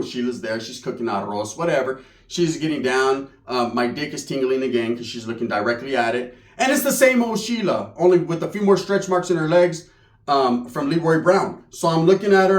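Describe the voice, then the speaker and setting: A young man telling a comedic story in profane, slangy street talk. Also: on the high side. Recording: roomy echo.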